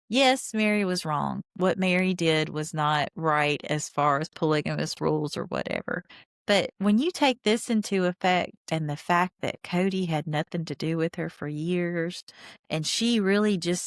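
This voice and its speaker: A woman's voice: on the low side, no echo, studio quality. A woman hosting a podcast, giving opinionated, indignant commentary while rewatching a reality show and talking straight to her listeners. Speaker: podcast host.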